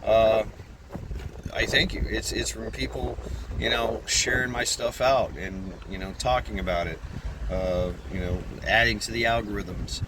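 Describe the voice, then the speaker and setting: A man's voice: on the low side, steady tone, measured pace, noisy background. A man talking casually to his channel's viewers, rambling and swearing, often repeating his words. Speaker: channel creator. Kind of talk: casual vlog monologue.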